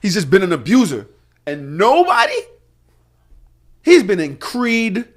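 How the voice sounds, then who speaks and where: A man with a high-sitting, unhurried voice hosts a podcast, chatting casually. He tells animated stories, swearing freely and acting out what other people said.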